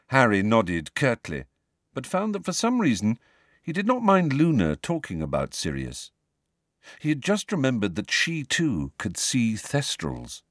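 A man narrating a novel as an audiobook, with expressive, varied storytelling. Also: mid-range voice, measured pace, no echo, clean studio sound.

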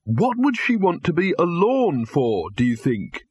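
A man's voice: fairly high pitch, huge pitch swings, a little slow, a little mellow, slightly rough, dry recording, voice pushed up, full character voice. A man voicing an earnest, nervous young man who keeps asking uneasy questions.

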